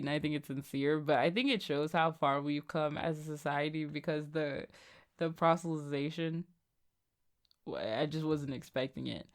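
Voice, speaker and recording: Animated woman podcast host, lower voice. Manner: animated and joking, laughs often. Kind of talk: casual chat reviewing comics.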